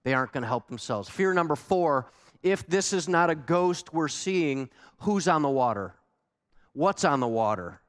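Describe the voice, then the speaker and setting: A man preaching a sermon as a pastor, animated and emphatic, asking the congregation pointed questions. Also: on the high side, moderate pace. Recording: long hall reverb.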